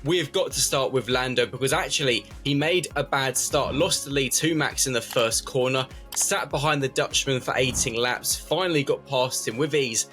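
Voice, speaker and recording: A male host presenting motorsport news in a brisk, informative way, with a voice of ordinary middle pitch. Faint music plays quietly behind him. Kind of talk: news-style presenting and casual chat.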